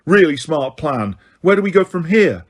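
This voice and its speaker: A man's voice: on the high side, lively intonation, fast talker. Man reading as a bitter angry teen boy. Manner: curt, spitting.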